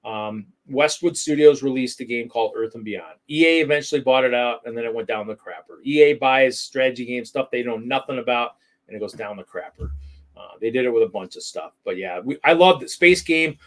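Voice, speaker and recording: A man's voice: medium pitch, brisk, fairly bright tone. Rambling middle-aged man hosting a show. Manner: rambling, loose and conversational, often restarting his sentences. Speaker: host of a weekly hobby talk show. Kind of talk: casual livestream chat.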